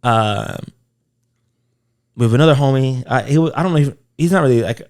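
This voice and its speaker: Animated man telling a story. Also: mid-range voice, a little fast. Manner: animated, acts out quotes, frequent swearing. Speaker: podcast co-host. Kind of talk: casual storytelling.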